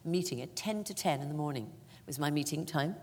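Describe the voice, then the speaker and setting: Low-voiced Irish woman in a reverberant hall. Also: brisk, breathy edge. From Ireland. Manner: animated, self-mocking storyteller with frequent laughter. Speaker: actress, interview guest. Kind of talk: anecdotal stage interview.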